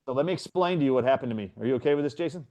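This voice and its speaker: A man's voice: medium pitch, racing. A middle-aged man, a guest in a conversation, earnestly retelling a personal story and acting out what others said. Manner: earnest, animated retelling with quoted voices.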